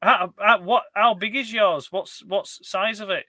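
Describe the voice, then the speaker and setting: A man's voice: high voice, steady tone, a little slow, bright, forceful tone, no echo. A man co-hosting a casual chat about toys, rambling with many restarts. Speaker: co-host of a toy collector chat.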